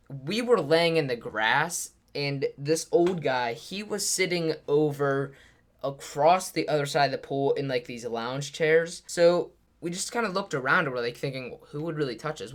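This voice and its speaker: A man's voice: on the high side, a bit bright. A teenage boy telling a story in a casual, rambling way, full of fillers. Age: teens. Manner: rambling, filler-heavy retelling. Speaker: YouTuber.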